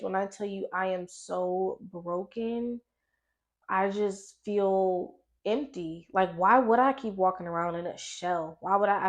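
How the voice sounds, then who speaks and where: A woman in her twenties giving a candid, emotional personal testimony, halting at times and restarting her sentences. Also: mid-range voice, muffled recording. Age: 20s. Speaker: vlogger.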